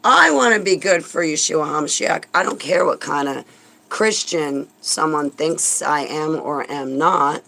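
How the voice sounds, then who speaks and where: A woman's voice: low-pitched, expressive, unhurried, gravelly, pushed and bright, poor audio. A woman vlogger delivering a heated, sarcastic religious rant, indignant and swearing when angry.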